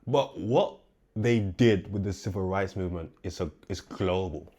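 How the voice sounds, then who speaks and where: A man from England hosts a reaction show and comments casually on what he has just watched. He speaks thoughtfully and often restarts his sentences. His voice is fairly low. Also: normal speed, dark tone.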